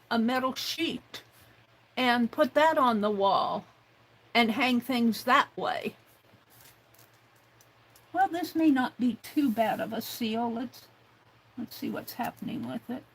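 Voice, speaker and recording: Slow, musing woman crafting on stream. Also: a little high, a bit bright, low-quality recording. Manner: unhurried, musing aloud while working with hands; talks to herself in the third person. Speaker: craft livestream host. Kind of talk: casual craft demonstration.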